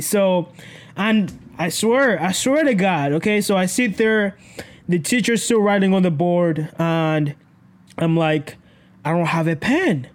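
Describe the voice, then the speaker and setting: A man's voice: high-pitched, a little slow. Young man, vlog storytelling, rambling, keeps correcting himself, swears and laughs a lot. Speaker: vlogger. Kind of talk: casual storytelling to camera.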